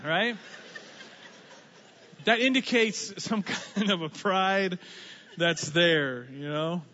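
A large church's long reverb carries this slightly muffled recording of a pastor whose voice is high and bright. His preaching is animated and conversational, with jokes, asides, and quick impressions tucked between his points.

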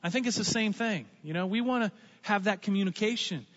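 A man preaching a sermon as pastor, conversational and animated, with asides and playful impressions. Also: sits high, fairly quick. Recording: muffled sound with long hall reverb.

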